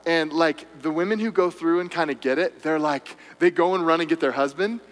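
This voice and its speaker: A man telling lively stories to a live audience, chatty and animated, often checking in with them. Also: a little high, a little fast, in a large hall. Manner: animated, chatty, frequent tag questions and fillers. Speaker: speaker addressing a live audience. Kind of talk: storytelling talk to an audience.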